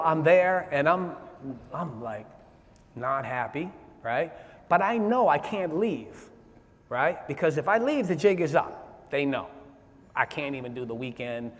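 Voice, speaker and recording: Animated man telling his testimony in a hall. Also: a little high, a little hiss or hum. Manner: animated, streetwise, repeats "right?" to the crowd. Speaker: speaker giving testimony. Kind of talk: personal testimony talk. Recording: long hall reverb.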